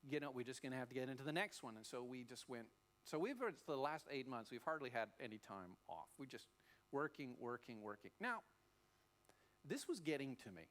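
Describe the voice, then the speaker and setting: A man's voice: mid-range voice, fairly quick. A middle-aged man preaching a sermon as a pastor, telling stories and acting out voices as he goes. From Australia. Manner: animated storytelling, acting out voices. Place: church.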